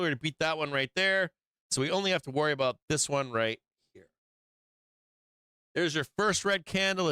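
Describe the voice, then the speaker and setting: A man's voice: on the high side, bright, forceful tone, clean tone, dry recording. A man hosting a stock market stream, talking through charts in a brash, profane, hyped-up way and speaking straight to his viewers. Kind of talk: casual live chart commentary.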